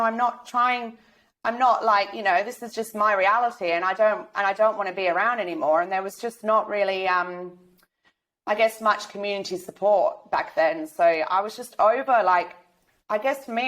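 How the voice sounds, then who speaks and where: A woman, talking openly as a podcast guest, rambling with many restarts and fillers. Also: mid-range voice. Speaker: guest sharing lived experience. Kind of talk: candid podcast interview.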